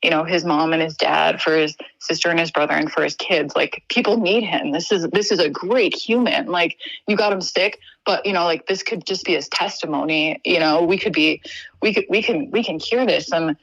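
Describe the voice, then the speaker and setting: A young woman from Wisconsin speaks as a podcast guest, her voice sitting a little low and recorded close and dry. She talks earnestly and haltingly, often restarting her sentences as she works through a personal story. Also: vocal fry, a bit bright, dry recording, rough recording.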